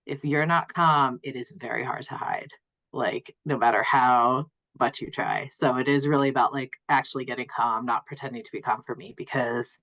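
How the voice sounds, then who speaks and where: A woman's voice: extremely low pitch, normal speed, a bit bright, highs cut off. A woman guest on a podcast, a mother, chatting casually in a bubbly way, laughing often and using lots of fillers. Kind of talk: casual chat.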